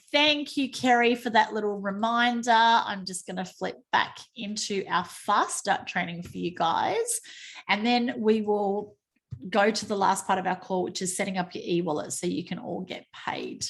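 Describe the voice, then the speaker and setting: Australian woman, call host, chatty, laughs off her own mistakes, mid-pitch voice. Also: measured pace, gravelly, fairly bright tone. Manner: chatty, self-mocking, exclaims over slips. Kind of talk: screen-share training call. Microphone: video call.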